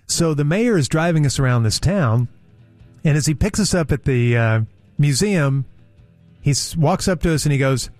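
A man's voice: medium pitch, animated, normal speed, a little mellow, no echo, faint music behind. Chatty man telling a travel story. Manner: chatty, repeats words, mimics people he quotes. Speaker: talk show storyteller. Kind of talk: casual anecdote telling.

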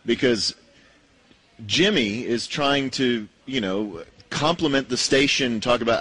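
A man's voice: mid-range voice, a little slow, fairly bright tone, dry recording, poor audio. A man co-hosting a sports radio show, making dry, wry comments in casual banter. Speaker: radio co-host.

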